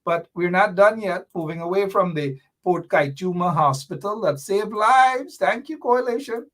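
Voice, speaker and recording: Give me a middle-aged Guyanese man with a high voice, hosting political commentary with sarcastic, repeated jabs. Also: animated, normal speed, fairly bright tone.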